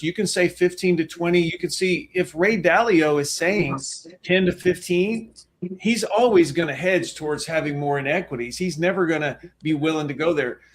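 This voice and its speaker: A man's voice: a little high, moderate pace, slight background noise. A man co-hosting a webinar as a financial planner, talking in an emphatic, folksy way. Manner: emphatic, folksy, talks with his hands on a soapbox. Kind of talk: webinar presentation.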